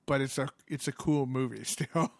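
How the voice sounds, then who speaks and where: A man's voice: medium pitch, moderate pace, vocal fry, no echo, clean studio sound. A man co-hosting a podcast from home, chatting casually, laughing often and swearing freely. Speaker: podcast co-host. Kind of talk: casual chat. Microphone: headphones and studio mic.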